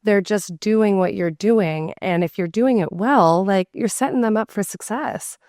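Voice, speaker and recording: A woman's voice: medium pitch, unhurried, no echo, studio quality. A woman in her thirties hosting a casual podcast interview, telling stories animatedly and saying "like" a lot. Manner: animated storyteller, heavy use of "like". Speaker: podcast host.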